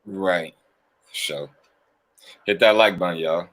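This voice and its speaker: A man's voice: sits low, steady tone, slow pace, fairly bright tone. A man hosting a casual chat, talking bluntly and swearing freely. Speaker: host.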